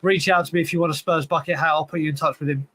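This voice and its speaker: Male stream co-host, earnest and direct, high voice, dry close sound. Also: steady tone, rapid-fire, sharp tone, no room sound. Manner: earnest, direct, says "listen" a lot. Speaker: livestream co-host. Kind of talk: casual chat.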